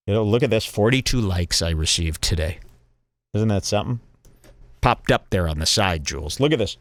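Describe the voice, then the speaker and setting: A man's voice: fairly low pitch, animated, normal speed, no room sound. A man hosting a comedy podcast, reacting to clips aloud with sarcastic, mock-enthusiastic commentary. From Texas. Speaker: podcast host.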